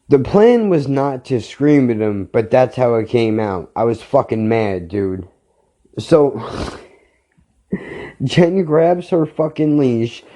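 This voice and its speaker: Slow, heated, foul-mouthed male podcaster. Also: medium pitch, warm tone. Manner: blunt, heated and full of swearing. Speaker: podcast host. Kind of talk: profane storytelling rant.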